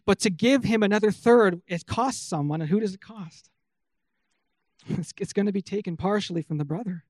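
High-voiced earnest preacher, dry sound. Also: male voice, moderate pace, a little mellow, no room sound. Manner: earnest, emphatic preaching with rhetorical questions. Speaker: pastor. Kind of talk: sermon.

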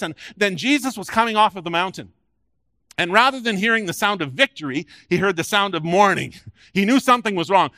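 High, bright-voiced preaching man. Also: no room sound. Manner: earnest, repeats words on restarts, swings from hushed to loud. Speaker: pastor. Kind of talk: sermon.

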